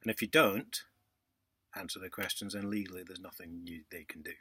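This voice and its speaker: Husky man ranting indignantly. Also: low voice, fairly even intonation, fairly quick. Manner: indignant, sarcastic, swings between loud outbursts and muttered asides. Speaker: vlogger. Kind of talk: casual ranting monologue to camera.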